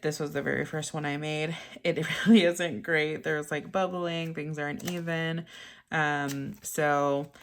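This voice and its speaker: A young woman chatting casually to camera at her home desk, laughing often and filling pauses with ums. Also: deep voice, a bit bright. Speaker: budgeting vlogger. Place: home desk in craft room.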